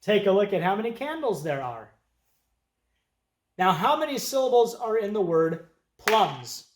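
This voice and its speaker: An elementary music teacher teaching young children, speaking slowly and patiently and counting beats aloud. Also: mid-range voice, big pitch swings, roomy sound.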